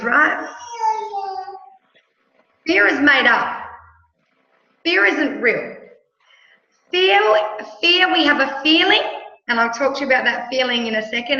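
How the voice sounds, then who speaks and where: A middle-aged Australian woman coaching with emphatic, animated talk, often checking in with her listener. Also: sits high. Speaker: mentor and coach. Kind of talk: motivational coaching chat. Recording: echoey room, dull lo-fi sound.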